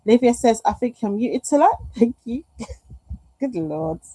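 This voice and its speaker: A woman's voice: fairly high pitch, animated, slow, dark tone, breathy edge, no room sound, rough recording. A middle-aged woman hosting a live stream at home, chatting and reading out viewer comments in a rambling, affectionate way. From United Kingdom. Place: home room.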